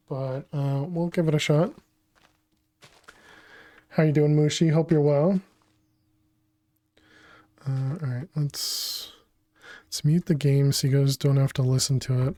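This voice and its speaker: Casual gameplay commentary comes from a streamer at home on a desk microphone, mumbling through a build and starting sentences over as they reason it out. Their medium-pitched voice is a little mellow, with no room sound.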